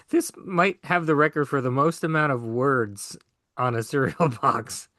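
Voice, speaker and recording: A man co-hosts a casual podcast with dry, jokey asides. His pitch sits in the middle, and the recording is dry and close. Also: measured pace, bright, forceful tone, dry recording. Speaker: podcast co-host. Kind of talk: casual chat.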